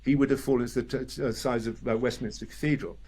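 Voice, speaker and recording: An older man from England, talking as a guest in a relaxed interview. He tells stories with energy, jumps into other people's voices and laughs often. His voice sits at a middle pitch. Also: quick pace, husky. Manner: lively storyteller, mimics voices and screams, laughs often. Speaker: actor guest. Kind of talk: casual interview chat.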